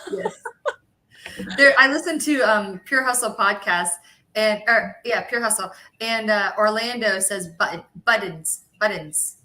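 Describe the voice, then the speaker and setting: A bubbly woman from Florida co-hosts a casual livestream with a bright, forceful voice. She backs up her partner with quick agreement and launches into lively personal stories. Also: medium pitch, a little hiss or hum. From Central Florida. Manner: bubbly, frequent agreeing, storytelling. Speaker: livestream co-host.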